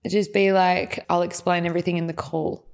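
A woman's voice: on the low side, flat delivery, a little fast, a little mellow. A young woman, co-hosting a podcast in casual, giggly chat and swearing freely. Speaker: podcast co-host.

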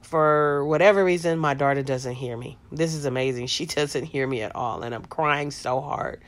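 A woman's voice: deep voice, normal speed. A middle-aged woman hosting a podcast, telling a personal story in a casual, rambling way with lots of fillers. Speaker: podcast host.

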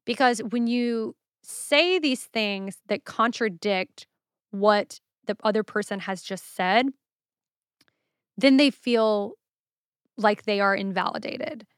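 Smooth-voiced woman hosting a solo podcast. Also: medium pitch, slow pace, no room sound, studio quality. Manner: candid, casual, swears freely. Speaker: podcast host.

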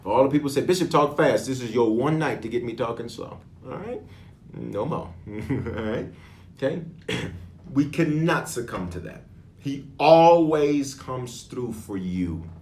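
A man leading prayer and preaching a sermon as bishop, with sudden loud emphasis and frequent throat clearing. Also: medium pitch, expressive, a little slow, reverberant, slight background noise.

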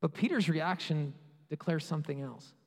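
A man preaching a sermon with passion, rising to loud peaks and dropping to quiet asides. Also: fairly high pitch, moderate pace. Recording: long hall reverb.

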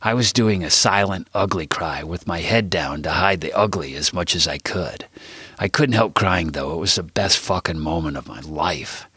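A man's voice: sits low, moderate pace, bright, forceful tone, husky, dry recording. A man reading his own book aloud as an audiobook, telling the story in a candid, self-deprecating way. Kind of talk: audiobook narration.

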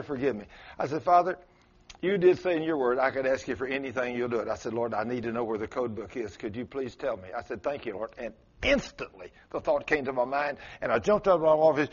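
A male pastor preaching a sermon, telling a story with sudden rises and drops in his voice. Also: breathy edge. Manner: storytelling with dramatic swings in pitch and loudness. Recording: muffled lo-fi sermon recording.

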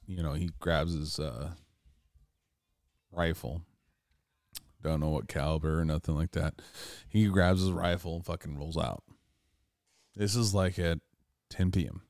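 A man's voice: sits low, darkish tone, dry recording, clean studio sound. A man casually telling an urban legend story, rambling and swearing often, with laughs between lines.

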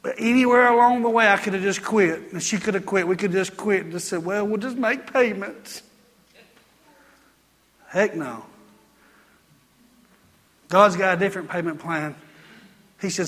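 Male pastor, emphatic repetitive sermon delivery, high voice, echoing sanctuary. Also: measured pace, pauses often, fairly bright tone. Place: church sanctuary.

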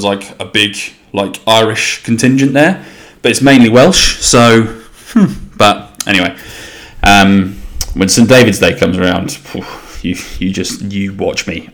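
Young english guy rambling on his podcast, lowish voice, sweary and chatty, lots of restarts. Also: takes it slowly, fairly bright tone. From England. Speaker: podcast host. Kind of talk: casual solo podcast rambling.

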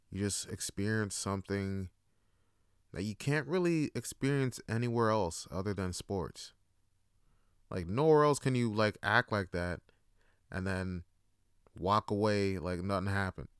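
A man's voice: on the low side, sharp tone, clean tone, dry recording, clean studio sound. A young man hosting a solo talk show, rambling profanely and casually, often laughing and acting out little scenes. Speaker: podcast host.

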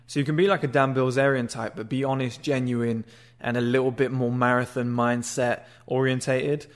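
A man's voice: mid-range voice, little pitch movement, normal speed. A man giving dating advice in a blunt, crude, casual monologue, sometimes acting out short greetings.

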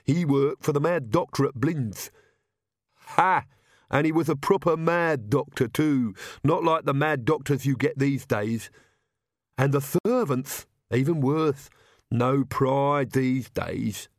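A man's voice: medium pitch, slow pace, dry recording, clean studio sound, pitched above the performer's own voice. Igor, a man doing a haughty, grumbling servant.

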